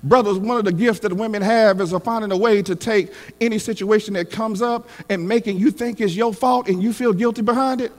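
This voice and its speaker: A man preaching a sermon as pastor, emphatic and calling for responses, with shouted peaks. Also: high voice, a little fast, few pauses, big-room sound.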